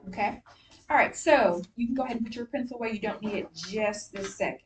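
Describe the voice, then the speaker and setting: A woman teacher runs a spelling lesson, calm and directive, breaking every task into small steps for her class. Her voice sits in a middle register and reaches the mic from across the classroom. A faint background hiss stays under her speech. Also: medium pitch, quick pace, recorded from a distance. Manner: patient, directive, step-by-step instructions.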